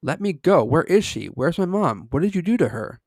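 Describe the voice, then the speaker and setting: A man's voice: medium pitch, fast talker, no room sound, clean studio sound, natural voice. A man reading aloud, voicing a frightened young boy who pleads and screams after being lost at night. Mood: panicked.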